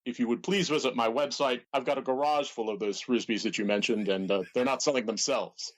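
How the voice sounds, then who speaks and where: A man's voice: medium pitch, fairly quick, a bit bright, close to an everyday voice. A man impersonating an aging ex-wrestler who recites cheap poems and plugs his merchandise, in a comedy podcast. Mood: plugging. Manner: sing-song poem recitation, earnest sales plugs. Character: aging male ex-wrestler poet, cheap and self-promoting.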